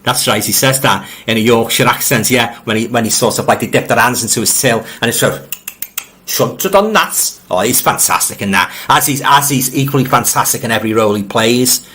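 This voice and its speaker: A man's voice: medium pitch, quick pace, sharp tone. A middle-aged man with a Liverpool accent hosts a casual live stream. He reads out viewer comments, rambles, and often repeats words as he restarts. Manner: friendly, addresses viewers directly. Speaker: livestream host reading viewer comments.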